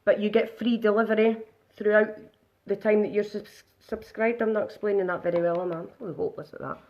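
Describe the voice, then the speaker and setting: A woman's voice: medium pitch, level tone, a little fast, dull audio. Chatty woman doing live makeup. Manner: chatty, narrates each step aloud. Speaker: makeup demonstrator. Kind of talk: casual live makeup demo.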